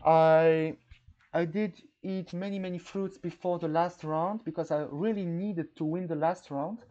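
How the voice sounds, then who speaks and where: A man from France with a French accent, recapping a chess game in an excitable, stop-and-start way. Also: a little high, measured pace, muffled recording. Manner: excitable storytelling, many restarts. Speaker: chess vlogger. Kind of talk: casual recap monologue.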